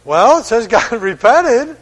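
A man preaching a sermon, reading old-style scripture slowly and then playfully voicing the people in it, chuckling now and then. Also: extremely high pitch, big pitch swings, fairly bright tone, big-room sound.

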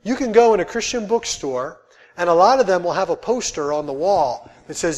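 A man's voice: high-pitched, lively intonation, fairly quick, a little mellow. A middle-aged man preaching a sermon, emphatic and repeating his key phrases for weight.

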